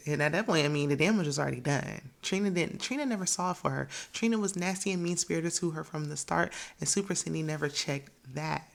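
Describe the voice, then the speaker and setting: Chatty low-voiced woman with a gravelly edge. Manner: chatty, opinionated, laughs often, quotes cast members. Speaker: reality TV recap host. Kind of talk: casual recap commentary.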